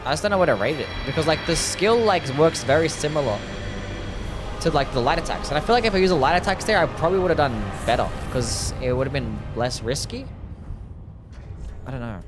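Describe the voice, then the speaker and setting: A man's voice: a little high, lively intonation, fairly quick, music in the background. A young man casually commenting on a game live, musing aloud and answering viewer questions. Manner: laid-back, musing, answers chat questions. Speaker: streamer.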